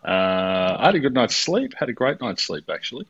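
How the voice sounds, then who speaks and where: A man's voice: mid-range voice, sing-song, normal speed, fairly bright tone, breathy edge, no room sound, highs cut off. A man co-hosting a podcast, rambling casually with many fillers. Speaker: podcast co-host, coach.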